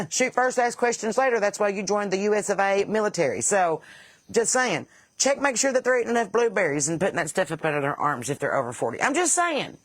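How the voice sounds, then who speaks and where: A woman's voice: medium pitch, lively intonation, brisk, dry recording. A woman podcast host with a Southern accent, blunt and sarcastic in casual comedic talk, laughing at her own jokes and a bit stuffy from sinus trouble.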